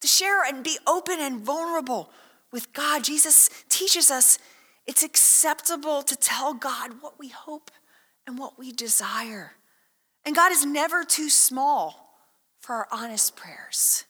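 A woman preaching a sermon to a congregation, chatty and animated, acting out little scenes and asking the room questions. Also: sits high, measured pace. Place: church hall. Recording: echoey hall.

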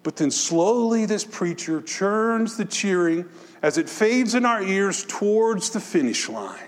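A man with a high-pitched voice delivers a sermon from the pulpit of a church sanctuary. His words trail off into a long reverberation in the hall. He swings between impassioned exhortation and quiet, reflective storytelling. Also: lively intonation, unhurried. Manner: rising to impassioned exhortation, dropping to soft reflection. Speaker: pastor.

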